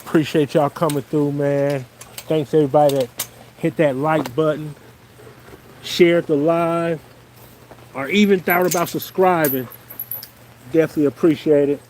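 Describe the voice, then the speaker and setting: Man, fairly high voice, relaxed live-stream host outdoors, light rain behind, casual and friendly with viewers. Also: normal speed, pauses often, slight background noise, low-quality recording. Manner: easygoing, calls viewers "y'all" and shouts to his dogs. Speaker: dog breeder hosting a livestream. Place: outdoors under a tree in the rain.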